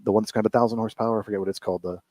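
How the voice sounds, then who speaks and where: A man hosting a radio show, telling stories in casual chat, animated and laughing often. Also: on the low side, rapid-fire, dry recording, dull audio. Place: radio studio.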